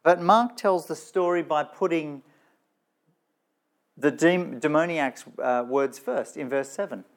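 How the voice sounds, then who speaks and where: A man's voice: on the high side, takes it slowly. Conversational man preaching a sermon. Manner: conversational, asks the listeners rhetorical questions. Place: church with slides shown.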